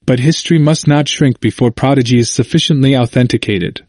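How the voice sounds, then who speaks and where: A man narrating a history audiobook in a measured, formal manner. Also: medium pitch, darkish tone, no room sound, clean studio sound.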